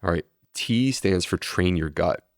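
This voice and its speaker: A man's voice: low voice, lively intonation, unhurried, no echo, clean studio sound. A man, a medical doctor, explaining steadily and earnestly in a podcast interview. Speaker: gastroenterologist guest.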